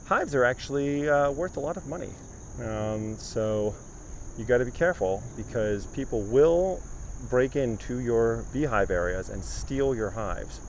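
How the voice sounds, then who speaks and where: A tour guide leads a live-streamed walking tour of a garden outdoors, chatting casually and reading viewer comments aloud. His mid-range voice is expressive and measured, and background noise is clearly audible on the outdoor stream.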